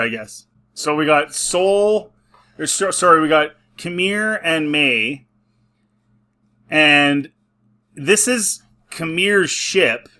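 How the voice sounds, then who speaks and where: A man talks through an episode review in a casual, off-the-cuff way. His voice is bright and forceful and sits a little high for a man. He is openly sarcastic and keeps sounding exasperated. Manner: sarcastic and exasperated, laughing at scenes. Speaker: film and TV reviewer.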